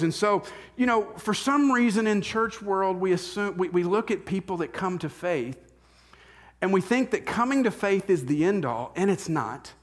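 A man preaching a sermon in a conversational way, acting out the people in the story with quick voices. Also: high-pitched. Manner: acts out Bible figures in quick voices, conversational. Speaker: pastor.

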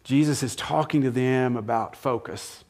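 Speaking at a moderate pace in a mid-range voice, this pastor delivers a conversational sermon and questions his listeners. As he acts out lines, his volume shifts abruptly from loud to soft.

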